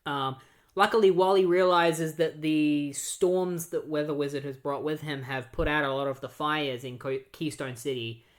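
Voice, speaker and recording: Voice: mid-range voice, steady tone, normal speed. Rambling comic-recap podcast host. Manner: rambling, filler-heavy, breaks into quoted voices. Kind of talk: casual comic book recap.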